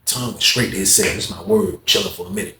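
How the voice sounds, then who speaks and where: A man's voice: quick pace, reverberant, slight background noise. A man, telling a story in casual talk and acting out other people's lines. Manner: animated, acts out other people's lines with raised pitch, heavy profanity.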